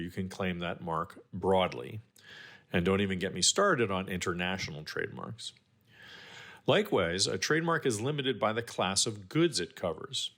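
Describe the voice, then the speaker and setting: Low-voiced man explaining law, lively. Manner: clear, measured lawyerly explanation with dry asides. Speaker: guest expert on trademarks. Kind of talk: scripted explainer segment.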